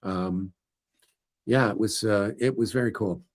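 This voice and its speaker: A middle-aged man chatting casually about his book, telling stories in a lively way with filler words. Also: lowish voice, unhurried. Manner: animated storyteller, voices quoted people loudly. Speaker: author discussing his book. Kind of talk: casual storytelling chat.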